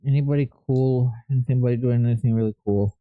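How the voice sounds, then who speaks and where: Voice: mid-range voice, steady tone, quick pace, smooth, no echo, narrow, tinny audio. A live streamer chatting casually and thinking aloud, often stopping to correct themself.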